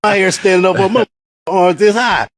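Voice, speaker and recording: A man's voice: high-pitched, moderate pace. A man guest telling a story in a casual, slangy way, often checking in with the listener.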